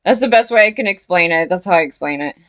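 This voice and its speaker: A woman's voice: on the low side, expressive, quick pace, no echo. A woman talking casually to her viewers in a rambling way, full of fillers and restarts, often unsure of herself. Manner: questioning, unsure, often says she doesn't know. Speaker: commentary vlogger. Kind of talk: casual commentary to camera.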